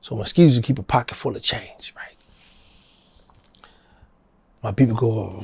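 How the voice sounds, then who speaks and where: A middle-aged man with a New Orleans accent tells his story in a gravelly, husky voice. He animates the dialogue, jumping up in pitch to act out what people said. The sound is close and dry. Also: moderate pace, pauses often, no echo. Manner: animated storyteller, acting out quotes in a higher voice. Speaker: interview guest. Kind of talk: casual storytelling.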